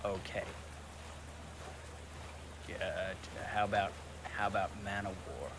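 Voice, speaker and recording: A man playing a tabletop game, talking quietly and haltingly in character. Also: on the low side, flat delivery, a little hiss or hum. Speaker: player.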